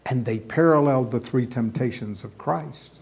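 A man's voice: medium pitch, normal speed, creaky, darkish tone, husky. A man preaching a sermon, emphatic and repeating key words for stress.

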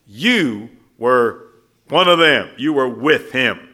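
A man's voice: mid-range voice, expressive, slow pace, sharp tone, exaggerated voice. A man voicing a triumphant male accuser who points out a suspect during a Bible teaching. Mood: gloating.

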